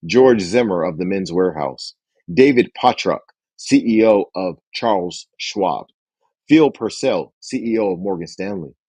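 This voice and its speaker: A man with a darkish, slightly breathy voice, recorded with no room sound, hosts a book club. He reads a business book aloud and acts out sample phone calls, raising his pitch to voice the characters.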